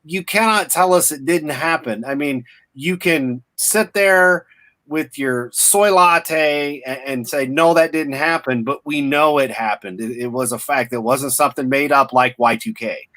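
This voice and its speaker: A man's voice: medium pitch, unhurried, pushed and bright. A man co-hosting a casual stream chat, blunt and ranting, with heavy profanity.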